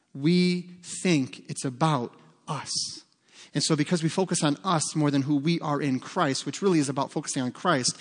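An earnest, emphatic male pastor preaches a sermon, leaning on rhetorical questions. His voice sits fairly high for a man. A long church-hall reverb follows his words.

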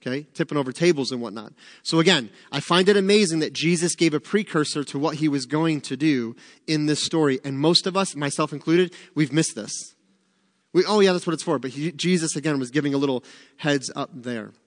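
A man teaching a Bible study in a conversational sermon style, animated and chatty with joking asides. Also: a little high, fairly quick, in a large hall.

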